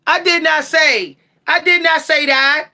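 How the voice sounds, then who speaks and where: A high-voiced woman with a bright, sharp edge, going off at her livestream chat. She is blunt, sassy and profane, and rises to shouting when she gets heated. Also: steady tone, measured pace. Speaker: livestream tarot channel host.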